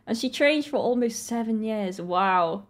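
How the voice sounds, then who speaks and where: A woman's voice: on the high side, lively intonation, measured pace. A woman in her twenties from Britain, chatting casually and laughing often as she reacts to a video. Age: 20s.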